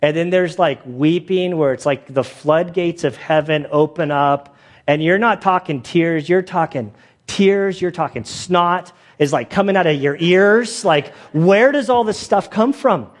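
Man, pastor, conversational sermon, somewhat high voice, lively storyteller, chatty fillers. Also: unhurried. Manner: animated storytelling, acts out quoted voices; loose, chatty phrasing with many fillers. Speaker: pastor and police chaplain.

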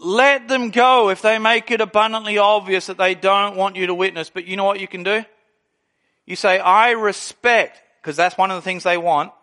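A man preaching a sermon, telling stories with lively delivery and acting out the people he quotes. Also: high-pitched, fairly quick. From Australia. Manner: animated storytelling, acts out quoted people. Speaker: pastor.

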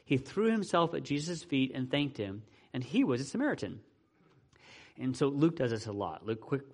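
A man giving a conversational sermon as pastor, asking his listeners rhetorical questions and using casual fillers. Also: medium pitch. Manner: asks the audience frequent rhetorical questions; informal, with fillers like "right" and "you know".

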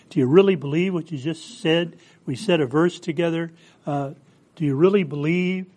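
A man preaching a sermon, earnest and questioning, who repeats phrases for emphasis. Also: a little high.

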